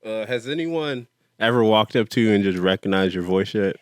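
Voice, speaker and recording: A man's voice: on the low side, animated, moderate pace, smooth, dry recording, studio quality. A man hosting a casual chat, laid-back and laughing often. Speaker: host.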